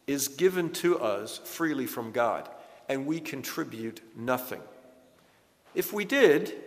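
A man preaching a sermon in an earnest, emphatic way, slowing down to stress key words. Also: a little high, in a large hall. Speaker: pastor.

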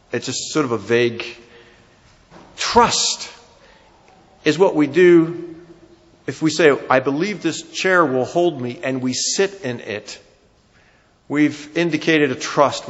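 A man with a New Jersey accent preaching a sermon, emphatic, his voice rising and falling for emphasis. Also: medium pitch. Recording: dull sound with long hall reverb.

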